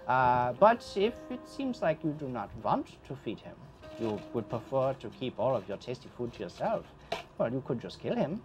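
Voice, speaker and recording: A man's voice: mid-range voice, sing-song, normal speed, music in the background, natural voice. A man putting on a teasing ghost host. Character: sly playful male ghost host.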